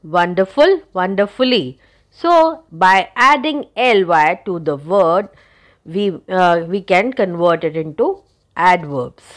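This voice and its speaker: Woman teacher, unhurried delivery, patient explaining to students. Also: on the low side, big pitch swings. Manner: slow, careful explaining, spelling out letters. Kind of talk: recorded grammar lesson.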